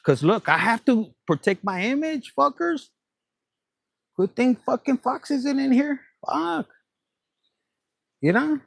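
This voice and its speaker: High gravelly man giving a tarot reading. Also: expressive, takes it slowly, long pauses, no room sound. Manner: profane, playful and gossipy, drops Spanish phrases. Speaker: tarot reader.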